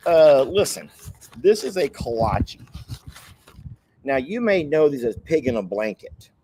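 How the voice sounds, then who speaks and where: A man's voice: medium pitch, very animated, measured pace, mellow, a little hiss or hum. Playful, chatty male vlog host. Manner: playful, chatty, self-teasing. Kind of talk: casual vlog chat.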